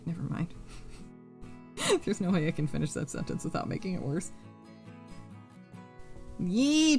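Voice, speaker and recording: A woman's voice: on the high side, pushed and bright. A woman hosting a casual craft live stream, reading chat aloud, laughing often and swearing freely as she works. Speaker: streamer and host.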